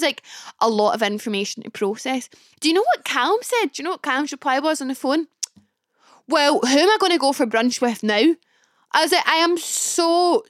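A Scottish woman in her early twenties with a Glasgow accent, hosting a podcast and telling a personal story in a chatty, expressive way with comic exaggeration. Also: a little high, clean tone, no room sound, clean studio sound. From Scotland. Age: early 20s. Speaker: podcast host. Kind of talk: casual storytelling monologue.

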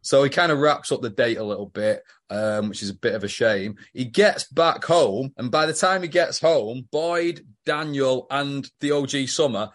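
A man's voice: mid-range voice, expressive, moderate pace, few pauses. A man from England co-hosting a podcast, chatting casually and swearing as he recaps a soap. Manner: sweary, chatty, laughs often. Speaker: podcast co-host.

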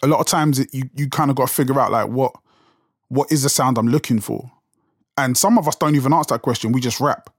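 A man's voice: medium pitch, fast talker, dry recording, clean studio sound. A young man with a London accent, talking casually as a podcast host, rambling with restarts and fillers. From England. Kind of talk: casual solo talk.

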